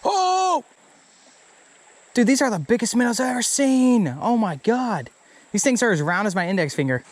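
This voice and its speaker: A young man vlogging outdoors by a creek, excitable and often swearing and laughing. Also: high voice, brisk. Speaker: fishing vlogger. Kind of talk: casual outdoor vlog chat.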